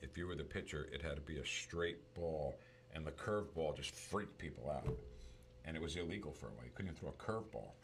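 A man with a very low, deep voice talks casually, spinning stories and retelling scenes with relish. A faint hiss of noise sits under the recording. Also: quick pace, creaky. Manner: storytelling, animated retelling. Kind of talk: casual movie chat.

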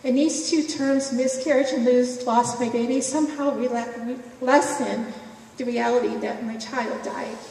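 A woman's voice: on the high side, fairly even intonation, moderate pace, vocal fry, darkish tone. Woman speaking in an echoey hall. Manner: emotional, conversational, laughs between phrases. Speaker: speaker sharing a personal story. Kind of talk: personal testimony speech. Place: event hall. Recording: echoey hall, voice from far off, faint noise.

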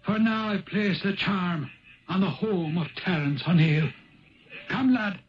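An actor playing an ancient male Viking spirit turned Irish, who talks gravely in measured riddles for a 1970s radio drama. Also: high-pitched. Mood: solemn. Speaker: Old Man of the Rock. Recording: dull lo-fi 1970s radio broadcast.

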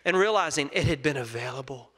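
A young man preaching a sermon, earnest, moving between loud emphasis and soft scripture reading. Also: mid-range voice, expressive, fast. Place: church sanctuary. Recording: long reverb of a large hall.

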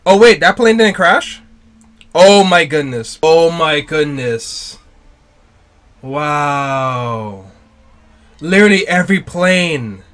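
A man reacting live to an anime, exclaiming and shouting at the screen. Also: sits high, animated, a little slow, no echo.

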